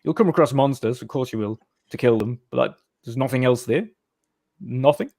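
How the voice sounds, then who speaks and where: A British man in casual chat on a gaming podcast, his voice sitting at an ordinary middle pitch. He holds forth in long opinionated runs, stumbling and restarting as he goes. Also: brisk, mellow, no echo, clean studio sound. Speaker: podcast co-host.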